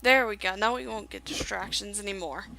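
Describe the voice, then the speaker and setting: A woman's voice: mid-range voice, brisk, gravelly, sharp tone, rough recording. A woman reading the lines of a bitter, jealous young man from a game, in her own voice. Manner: reading game dialogue aloud.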